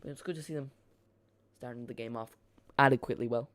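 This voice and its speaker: Streamer, male, casual match chat that loops back on itself; smooth, clean voice, dry close mic. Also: medium pitch, steady tone, quick pace, fairly bright tone, no room sound. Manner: casual, rambling, repeats and corrects himself. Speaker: watch-along streamer. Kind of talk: live football watch-along commentary.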